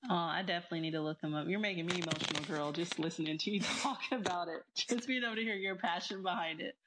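A woman's voice: on the low side, fast talker, very noisy. A woman hosting a podcast, encouraging her guest and laughing often in casual chat. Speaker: podcast host. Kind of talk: casual conversational interview.

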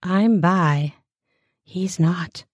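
A woman reading explicit first-person fiction aloud, with a slow, deliberate delivery and crude, mocking asides. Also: lowish voice, a little mellow, breathy edge, dry recording, studio quality.

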